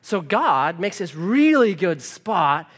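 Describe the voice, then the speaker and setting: A man preaching a sermon, telling a personal story in an animated, conversational way with self-deprecating humor. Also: sits high, slow pace. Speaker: pastor. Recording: long reverb of a large hall.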